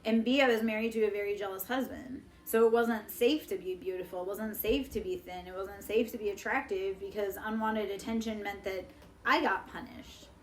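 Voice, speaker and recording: A woman's voice: medium pitch, fairly even intonation, normal speed. A woman in her forties talking bluntly and profanely on a live stream, preachy and fired up. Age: 40s. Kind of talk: casual live-stream monologue.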